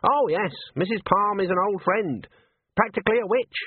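A stern, impassive old witch, as a man puts her on, cool and formal in a raised, husky voice. The sound is thin and dry, like a phone line. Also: high voice, animated, normal speed, no echo, voice pushed up. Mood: composed.

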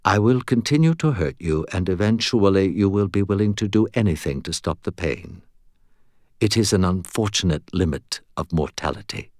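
A man reading an audiobook and voicing a cold, contemptuous female ghost, a body-stealing sorceress who speaks with calm, matter-of-fact menace. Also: low-pitched, slow, no echo, clean studio sound, heavily acted. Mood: coldly calm.

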